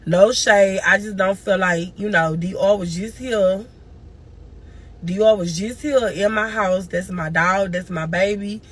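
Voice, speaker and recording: A woman's voice: medium pitch, a little slow, a bit bright, slightly rough. A grieving woman streaming live, telling a long emotional story and crying at times. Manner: tearful, cries and moans through the story.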